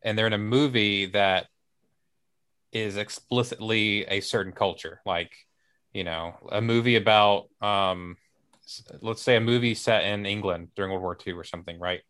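A man's voice: on the low side, steady tone, normal speed, fairly bright tone, smooth. A man co-hosting a casual discussion, talking in a rambling, hesitant way with many restarts. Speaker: podcast co-host.

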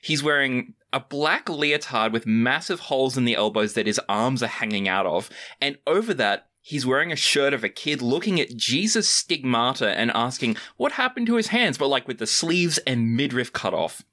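A podcast guest describes a film's scenes and costumes in casual chat. The delivery is animated, with pitch swooping up and down. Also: normal speed, few pauses. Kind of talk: casual movie discussion.

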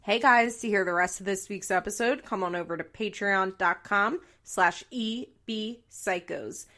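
A woman hosting a podcast, recapping a reality show in casual, animated chat with laughs and swearing. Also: mid-range voice, a little slow.

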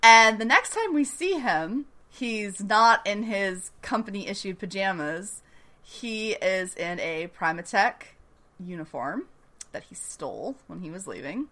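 Bright-voiced chatty woman, laughing often. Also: mid-range voice. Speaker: podcast host recapping a TV episode. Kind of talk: casual chat.

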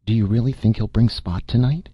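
A man's voice: on the low side, a little fast, breathy edge, dry recording, highs cut off, pitched above the performer's own voice. A man reading the part of a sick little boy who talks plaintively and earnestly. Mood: eager.

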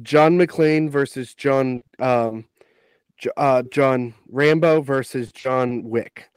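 A man with a mid-range voice hosts a podcast in a relaxed way, talking straight to the listeners. His voice is recorded close and dry. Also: mid-range voice, slow, clean tone, dry recording. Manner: relaxed, addresses listeners directly. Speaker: podcast co-host. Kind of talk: casual podcast chat.

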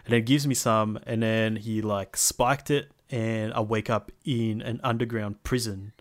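A young man in casual chat about a video game, rambling in a relaxed way with many fillers. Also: on the low side, a little slow.

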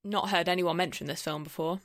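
A chatty woman co-hosting a podcast, talking loosely and swearing now and then. Her voice sits a little low for a woman. The sound is dry and close. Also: fairly even intonation, no echo. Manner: chatty, swears casually, quick asides. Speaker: podcast co-host. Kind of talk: casual film review chat.

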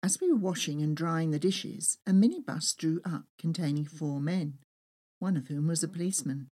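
A woman reading her own travel memoir aloud with lively, expressive storytelling. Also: low-pitched, normal speed, husky. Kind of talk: first-person memoir reading.

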